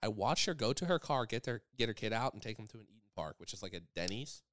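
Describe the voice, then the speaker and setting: A man co-hosting a podcast, telling profane stories in a casual chat and shouting out the voices of the people in them. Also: lowish voice, fast, no room sound. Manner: profane, animated storyteller who shouts quoted voices. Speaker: podcast co-host.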